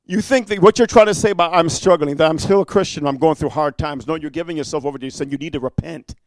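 A high-pitched male preacher delivering a sermon that shifts from soft, low-key storytelling to fervent, shouted warnings. He peppers his talk with amen and challenging huh. The sound is dry and close, with little room echo. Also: fast talker. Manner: swings from quiet storytelling to shouted rebuke; frequent amen and rhetorical huh.

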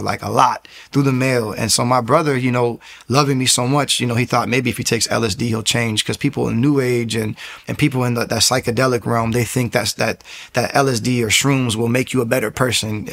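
A young man telling his personal testimony in a rambling, animated way, with frequent restarts and acted-out quotes. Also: medium pitch. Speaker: testimony speaker.

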